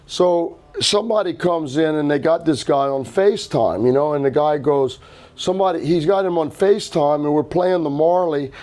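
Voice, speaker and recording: Mellow-voiced man spinning a lively yarn. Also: fairly high pitch, normal speed. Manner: animated anecdote teller, acts out quotes, swears casually. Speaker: record label founder, guest. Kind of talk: casual storytelling interview. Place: hi-fi salon event, indoors.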